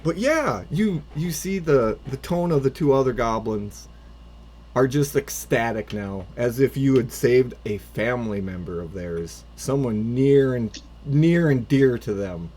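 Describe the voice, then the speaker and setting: A man's voice: mid-range voice, lively intonation, measured pace, darkish tone, husky. A man running a tabletop game as a first-time dungeon master, improvising and narrating with lots of swearing and restarts. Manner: rambling, swearing, frequent restarts.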